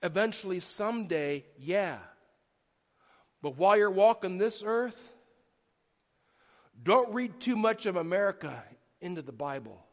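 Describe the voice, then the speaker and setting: A man's voice: high-pitched, measured pace, long pauses. A middle-aged man preaching a sermon as pastor, telling stories animatedly with frequent restarts. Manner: animated storytelling with repeated restarts. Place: church sanctuary. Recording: long hall reverb.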